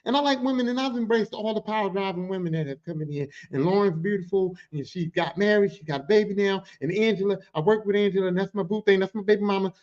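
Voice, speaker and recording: A man hosting his own podcast in a casual, animated monologue, joking and swearing freely as he tells stories about his work. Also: sits high, fast talker, few pauses, muffled recording. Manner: animated, profane, joking storyteller. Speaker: podcast host. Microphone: podcast microphone.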